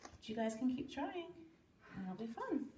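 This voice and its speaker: A cheerful woman teacher talks children through a hands-on activity. Her voice sits a little high and is picked up from a distance in an echoey room with clear background noise. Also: sing-song, moderate pace, dark tone. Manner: cheerful, talks while stacking toy blocks. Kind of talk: casual instructions to children. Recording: echoey room, mic far off.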